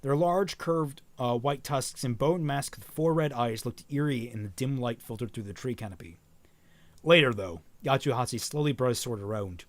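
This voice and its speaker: A man's voice: medium pitch, normal speed, few pauses, darkish tone, no room sound. A man reading a fan story aloud on a stream, correcting himself often and dropping casual, profane asides.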